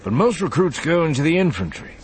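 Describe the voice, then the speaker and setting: A man's voice: a little high, sing-song, fast talker, a little hiss or hum, pitched above the performer's own voice. A man doing a bored older Imperial officer. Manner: dry, clipped and bored.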